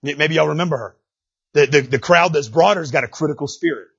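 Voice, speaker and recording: Folksy male pastor, high husky voice, preaches emphatically, heard on a dull lo-fi stream. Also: fast, a bit bright. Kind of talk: sermon.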